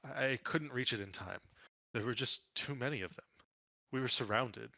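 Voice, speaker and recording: A man's voice: medium pitch, moderate pace, gravelly, sharp tone. A man voicing a weary formal wizard. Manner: hesitant, formal. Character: weary male wizard ally, polite and formal.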